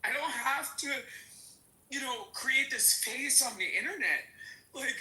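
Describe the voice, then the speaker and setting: A woman's voice: high voice, lively intonation, measured pace, bright, forceful tone, echoey room, poor audio. A woman speaking as a panel guest, tearful and pleading, her voice breaking as she repeats herself. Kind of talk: emotional panel talk.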